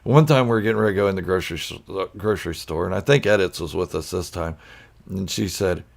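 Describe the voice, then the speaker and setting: A man with a low, gravelly voice chats with viewers on a live stream. He is goofy and quick to laugh, telling stories and answering comments in a loose, casual way. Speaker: channel host chatting with live viewers.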